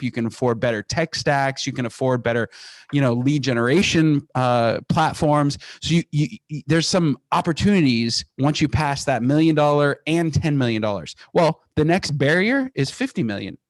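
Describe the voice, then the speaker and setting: A man's voice: medium pitch, no room sound. A man guest on an interview podcast, talking with energy and restarting phrases as he tells business stories. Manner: energetic, animated storytelling with quick restarts. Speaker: guest, company founder.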